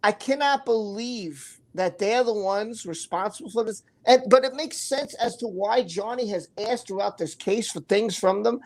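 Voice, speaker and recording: A woman with a New York accent hosts a relaxed livestream, talking loosely and reading out viewers' comments. Her voice sits at a middle pitch, neither high nor low. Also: moderate pace, hardly any pauses. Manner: chatty, reads viewer comments aloud, laughs easily. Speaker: host. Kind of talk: casual livestream chat.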